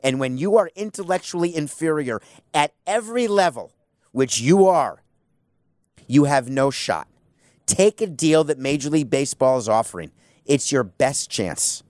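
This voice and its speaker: A man's voice: fairly high pitch, expressive, moderate pace, darkish tone, no room sound, clean studio sound. Blunt, combative talk radio man. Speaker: sports radio host. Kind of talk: opinionated talk radio monologue.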